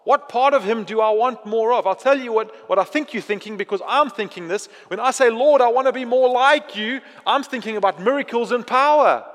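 A male pastor preaching a sermon in an animated way, acting out prayers and then dropping to a quiet, intense tone. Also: extremely high pitch, moderate pace, few pauses, long reverb tail.

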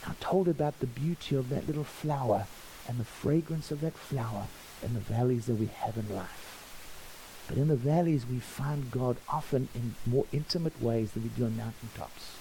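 A man, a pastor preaching a sermon and acting out the dialogue of his stories with lively energy. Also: medium pitch, moderate pace, a little hiss or hum, rough recording. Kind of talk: storytelling sermon.

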